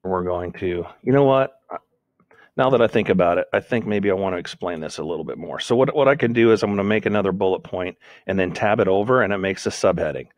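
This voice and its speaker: In a dry recording, a low-voiced man speaks fast while teaching a screen-recorded lesson on making notes. He thinks aloud as he types and keeps correcting himself.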